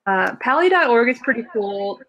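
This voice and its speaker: A woman's voice: on the high side, expressive, moderate pace, a bit bright, muffled recording. A woman with a Southern US accent, a podcast guest who explains things in loose casual chat, full of fillers and restarts. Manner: rambling, many fillers and restarts.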